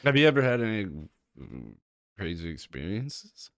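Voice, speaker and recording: Low, smooth-voiced man in loose chat. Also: big pitch swings, normal speed, dry recording, clean studio sound. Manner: laughs often, talks in loose run-on thoughts. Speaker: podcast co-host. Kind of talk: casual chat.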